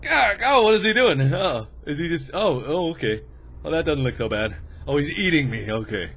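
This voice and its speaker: A man's voice: a little high, animated, a little fast, a bit bright, a little hiss or hum. A man playing a horror game, breaking into panicked shrieks and nervous laughter. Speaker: gamer. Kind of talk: horror game let's play.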